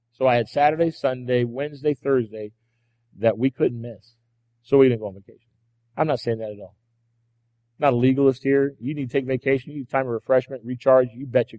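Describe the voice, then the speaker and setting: A man's voice: mid-range voice, darkish tone. A male pastor preaching a sermon in a church, emphatic, repeating key phrases and asking the congregation rhetorical questions. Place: church sanctuary. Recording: long hall reverb from the church.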